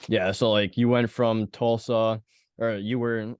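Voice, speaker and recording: A man's voice: on the low side, level tone, a little mellow, clean tone, no echo, clean studio sound. A male podcast host from Illinois asking a guest questions in an easygoing, casual way. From Illinois, USA. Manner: easygoing, quick to laugh and react.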